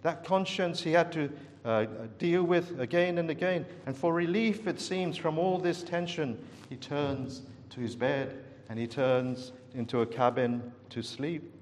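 An earnest male preacher delivers a sermon in a fairly high voice. He tells the story with dramatic rises and falls, and his words ring out with a long reverb from the church hall. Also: unhurried, slight background noise.

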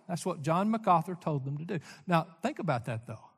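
An older man delivers a sermon in a high, lively voice that climbs and drops sharply. He tells folksy stories and swings from loud emphasis to hushed asides. His voice rings with a long echo through a church hall. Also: brisk, few pauses, slightly rough. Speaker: pastor.

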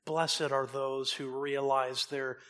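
A man preaching a sermon, swinging from loud emphasis down to low, soft asides. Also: flat delivery, takes it slowly. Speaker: pastor.

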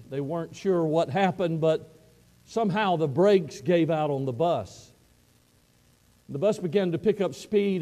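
A man's voice: on the high side, in a large hall. A man preaching a sermon, telling a story with emphatic repetitions and restarts. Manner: emphatic, repetitive, dropping to hushed close.

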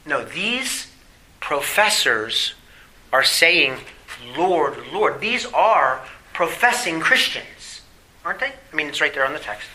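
Bright-voiced man preaching with force. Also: on the high side, big pitch swings, takes it slowly, poor audio. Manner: emphatic preaching with rhetorical questions, drops to quiet asides. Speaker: pastor. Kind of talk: sermon.

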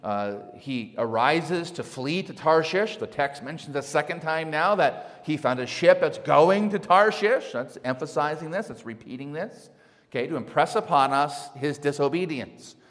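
A man preaching a sermon as pastor, speaking in an animated way and asking his congregation rhetorical questions. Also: fairly high pitch, moderate pace. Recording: long hall reverb.

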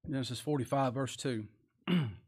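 A man preaching a sermon in a folksy, animated way, reading scripture slowly and with emphasis, then dropping to near-quiet asides. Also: mid-range voice, breathy edge. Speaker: pastor.

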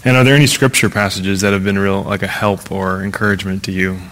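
A man interviewing a guest in front of a church audience, giving quick announcements and asking measured questions. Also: low-pitched, fairly even intonation, fairly bright tone, slight background noise. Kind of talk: hosting a church Q&A.

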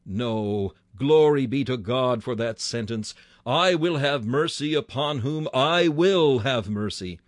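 A man's voice: medium pitch, expressive, slow, hardly any pauses, no room sound, studio quality. A man preaching a sermon with fervent delivery, his voice rising sharply on key words.

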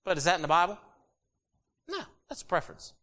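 Animated preacher man with a bright voice. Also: sits high, fast talker. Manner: animated, jokey, sudden loud bursts. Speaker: pastor. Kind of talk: sermon.

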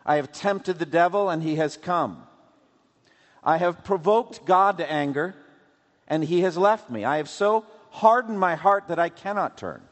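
A man voicing a despairing man shut in an iron cage, who laments slowly in a high voice. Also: animated. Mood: anguished lament. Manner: slow, wailing lament. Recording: long hall reverb.

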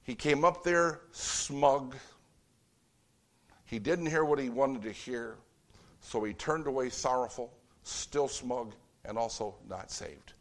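A man delivering a sermon in a loose, conversational way. He talks to the congregation directly and slips into other voices when he acts out scenes. His pitch sits in the middle range for a man. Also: slow. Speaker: pastor.

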